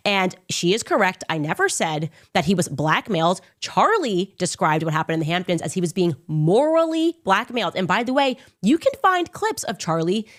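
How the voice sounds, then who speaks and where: A woman hosting her own commentary show, talking in a combative, sarcastic way and mocking others in a raised voice. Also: a bit bright. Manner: sarcastic, mocking impressions in a high voice; combative, emphatic. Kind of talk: opinionated commentary monologue.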